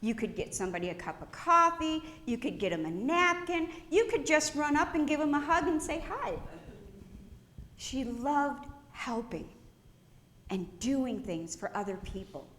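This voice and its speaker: A woman pastor delivers a eulogy in a church sanctuary, her high, bright voice unhurried and storytelling. The room carries an echo, with a faint hum of ambience behind her. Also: animated. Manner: warm storytelling with gentle laughs. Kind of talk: funeral eulogy.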